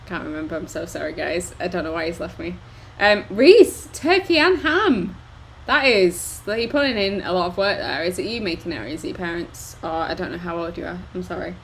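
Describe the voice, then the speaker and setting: A woman's voice: fairly low pitch, fast, vocal fry, few pauses, a bit bright, a little hiss or hum. A woman co-hosting a casual live stream, a little drunk, chatting and asking viewers questions. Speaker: co-host.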